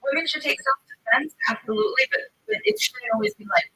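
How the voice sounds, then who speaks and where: A woman's voice: sits high, very animated, fast, gravelly, few pauses, sharp tone, no room sound, low-quality recording. A woman in casual chat, earnestly pushing back on a point.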